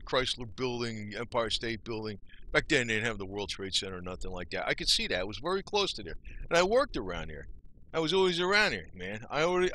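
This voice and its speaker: Talking straight to the camera, this older New Jersey vlogger rambles through a folksy rant, peppered with mild swearing and constant "you know?"s. His medium-pitched voice sounds pushed and bright. He's from the northeast part of the state.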